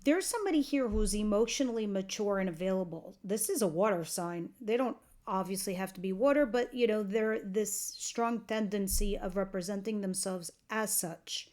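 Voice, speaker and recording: A woman's voice: mid-range voice, normal speed, few pauses, darkish tone. A woman giving a tarot reading to camera, chatty and earnest, talking straight to her viewers, a bit tired and yawning. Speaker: tarot reader.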